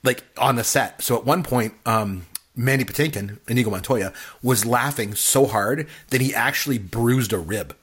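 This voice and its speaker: A man in casual chat about a film, animated and acting out quotes in funny voices. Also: mid-range voice, normal speed, hardly any pauses, breathy edge. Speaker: podcast co-host.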